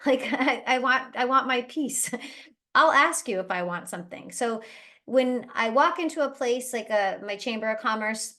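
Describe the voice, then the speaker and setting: A woman with a fairly high voice leads a team training over a video call. Her talk is chatty and lively, and she slips into quick impressions of other people. She sounds like an owner coaching her own staff. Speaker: travel agency owner leading team training. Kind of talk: casual motivational training talk.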